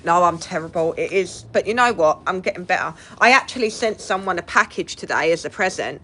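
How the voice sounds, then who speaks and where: A woman's voice: on the low side, expressive, fairly quick, pushed and bright. A woman chatting casually with viewers on a livestream. She laughs often and swears casually. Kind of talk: casual chat with live viewers.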